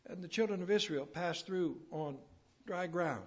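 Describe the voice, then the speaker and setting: A man's voice: high voice, normal speed. A man preaching a sermon in a folksy, storytelling way that rises to emphatic declarations. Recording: dull lo-fi sermon recording.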